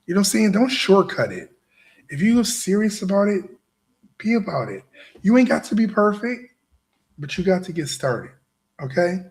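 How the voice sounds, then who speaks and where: Emphatic higher-voiced male host. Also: very animated, normal speed, long pauses. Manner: emphatic, repetitive, keeps asking "right?". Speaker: show host. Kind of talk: motivational monologue to a live audience.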